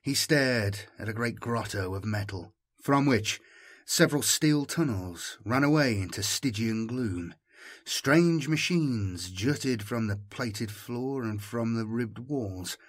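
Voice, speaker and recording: Husky-voiced man narrating a dark tale. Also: lowish voice, lively intonation. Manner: measured, dramatic reading. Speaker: audiobook narrator. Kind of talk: scripted narration.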